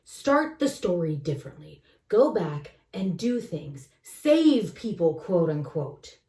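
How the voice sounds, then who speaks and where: Woman co-host, judgmental and animated, mic set back in an echoey room. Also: on the low side, takes it slowly, far from the mic. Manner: opinionated, animated ranting with laughs. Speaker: podcast co-host. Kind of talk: casual chat.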